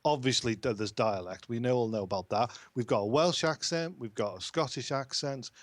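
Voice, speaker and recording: Easygoing English caller. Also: male voice, mid-range voice, normal speed, no room sound. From England. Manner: chatty, easygoing, rhetorical tag questions. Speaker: phone-in caller. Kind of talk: casual chat.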